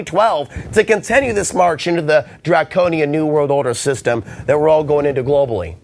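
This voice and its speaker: Hoarse, ranting talk show host man. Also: a little high, fairly quick, hardly any pauses. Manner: impassioned, ranting. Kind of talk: call-in radio talk show.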